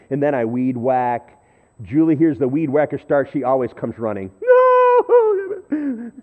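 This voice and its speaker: A man preaching a sermon, telling a story in a conversational, self-deprecating way and swinging between loud and hushed. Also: mid-range voice. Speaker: pastor. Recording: thin phone-like audio.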